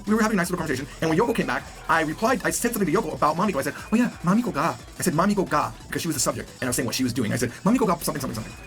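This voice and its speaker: A man gives a recorded language lesson at a rapid clip, his somewhat high voice rising and falling with plenty of life. He keeps it playful and acts out the example lines he explains. The tone stays that of a teacher on video. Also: fairly bright tone.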